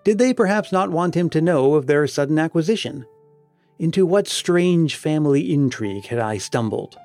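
A man reading a story aloud as narrator, in a measured way that slows for emphasis. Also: a little high, animated, darkish tone, faint music behind. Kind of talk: audiobook narration.

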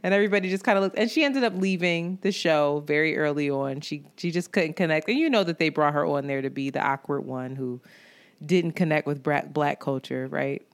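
A woman co-hosting a podcast, chatting casually with plenty of swearing. Her voice sits a little low and sounds smooth and clear. She speaks frankly and loosely, like a friend talking. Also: a little fast. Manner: candid and profane, with frequent laughs. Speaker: podcast co-host.

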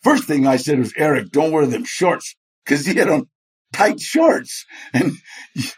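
A man's voice: on the high side, sing-song, measured pace, breathy edge. A man, a guest in an interview, telling stories animatedly, acting out the people he quotes and laughing often. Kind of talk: storytelling in a chat interview.

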